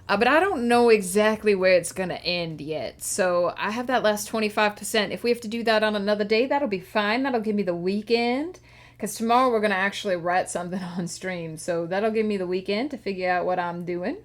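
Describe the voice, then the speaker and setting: A woman's voice: medium pitch, natural voice. A woman streamer putting on an exaggerated old-movie American Southern accent while chatting casually on a live stream, with a hammy drawl and many fillers. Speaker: streamer and writer.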